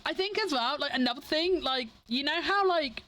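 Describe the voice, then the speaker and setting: A woman's voice: sits high, lively intonation, normal speed, a bit bright. A young woman with an English accent, chatting casually with her stream viewers in a rambling way, full of fillers and restarts. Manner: rambling, filler-heavy, self-interrupting.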